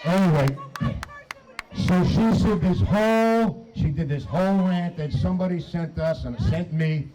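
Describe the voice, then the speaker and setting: A man giving a shouted, emphatic and profane speech to a crowd at an outdoor protest. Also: sits high, a little slow, a little hiss or hum, low-quality recording. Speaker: protest speaker. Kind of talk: rally speech.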